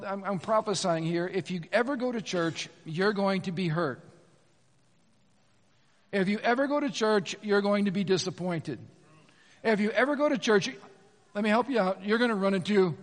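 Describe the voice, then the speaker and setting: A middle-aged man, a pastor, preaching a sermon in a church sanctuary in a lively, conversational way, with frequent asides to the congregation. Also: high voice, normal speed. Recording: long reverb of a church hall.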